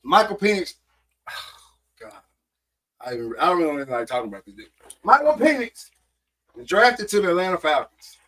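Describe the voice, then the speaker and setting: A man's voice: high voice, sing-song, normal speed, pauses often, a bit bright, poor audio. A man co-hosting a podcast in a casual sports chat, talking in a blunt, slangy, mocking way. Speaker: podcast co-host.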